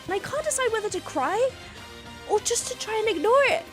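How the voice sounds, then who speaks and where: Excitable woman, high lively voice. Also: a little fast, soft background music. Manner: excitable, gasping, laughing and swearing. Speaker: host reacting to a TV show. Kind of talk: casual reaction commentary.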